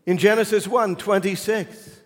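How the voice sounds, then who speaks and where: A man preaching a sermon as pastor, moving between loud emphatic lines and hushed, almost whispered ones. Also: high-pitched, steady tone, measured pace. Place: church sanctuary. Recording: long reverb of a church hall.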